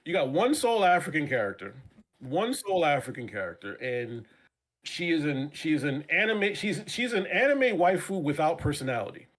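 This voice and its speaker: A man's voice: on the high side, sing-song, moderate pace, fairly bright tone. A man as a guest on a casual live-stream chat show, ranting passionately with many repeats and profanity.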